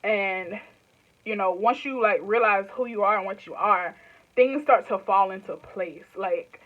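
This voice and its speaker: A woman's voice: mid-range voice, measured pace, dull audio. A woman in her twenties with a Southern US accent, chatting casually to camera in loose, rambling phrases and laughing often. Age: 20s. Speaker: YouTuber. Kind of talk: casual direct-to-camera chat.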